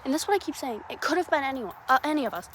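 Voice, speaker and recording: A young woman hosting her own podcast, telling a story casually, rambling and swearing, with many restarts, swinging between loud and hushed. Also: high-pitched, very fast, a little hiss or hum. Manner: lively, jumping from loud to hushed. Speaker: podcast host.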